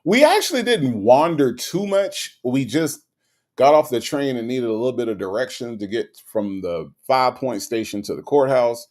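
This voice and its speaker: A man hosting a casual livestream, greeting viewers by name and reading their comments aloud. He talks in a relaxed way that swings between quiet mumbles and sudden loud bursts. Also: medium pitch, normal speed. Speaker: livestream host.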